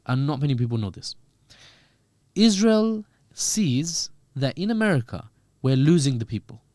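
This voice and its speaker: Male guest, mid pitch, dry booth sound, chatty commentary that jokes and acts out voices. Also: normal speed, dry recording. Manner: animated, joking, acts out quoted voices. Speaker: podcast guest. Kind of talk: conversational political commentary.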